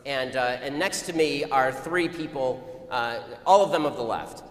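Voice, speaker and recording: A man telling a story to an audience in a rapid-fire, argumentative way. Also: mid-range voice, soft background music. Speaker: speaker addressing an audience. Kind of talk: anecdotal public talk. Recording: echoey hall with long reverb, faint ambient noise.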